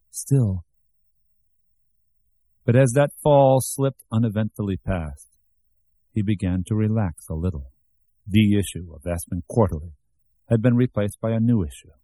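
A man narrates an audiobook in a low, mellow voice with measured, even storytelling. His tone has a husky grain, and the recording is dry and close. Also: no echo. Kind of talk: scripted narration.

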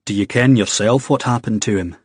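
A man reading aloud, voicing a blunt, stern man with a Scottish accent and low, deliberate menace. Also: husky, no room sound, clean studio sound. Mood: menacing.

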